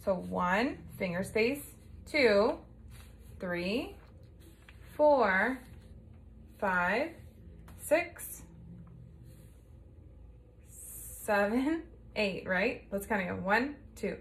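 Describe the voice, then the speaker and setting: A woman's voice: mid-range voice, expressive, extremely slow, pauses often. A woman teacher giving a recorded lesson to young children, patient and encouraging, often checking in with a "right?".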